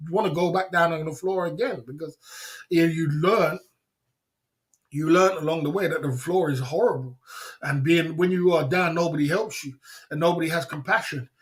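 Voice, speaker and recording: A man's voice: a little high, moderate pace. A man hosting a livestream, giving a blunt, repetitive motivational rant with slang and laughing asides. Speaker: livestream host. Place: indoors in Thailand.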